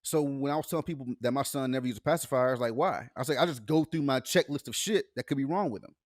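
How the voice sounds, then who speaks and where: A man's voice: medium pitch, very fast, no echo, clean studio sound. A young man co-hosting a podcast, telling casual stories with a lot of laughter and acted-out dialogue. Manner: laughs often, animated storytelling with acted-out dialogue. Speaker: podcast co-host. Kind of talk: casual chat.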